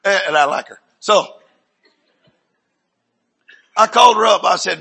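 An older man, preaching in a rambling, folksy storytelling sermon with sudden shouts. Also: sits high, animated, fast, gravelly, few pauses, slightly rough.

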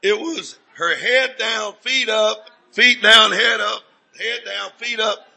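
Older man, preacher, rambling folksy sermon, bright raspy voice, slow with gravel. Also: high-pitched. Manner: rambling, folksy, with repeated restarts and sudden shouts. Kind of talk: storytelling sermon.

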